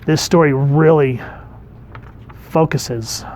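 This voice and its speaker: A man, a dad, casually reviewing an old comic book and reading panels aloud in a chatty, relaxed way. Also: a little high, takes it slowly, a little hiss or hum.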